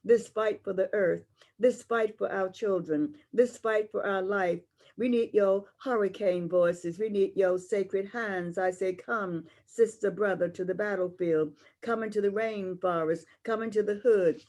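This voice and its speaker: A woman's voice: medium pitch, measured pace, a little mellow. An older woman performing spoken-word poetry over a video call, chanting in a repetitive, call-and-response way. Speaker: poet.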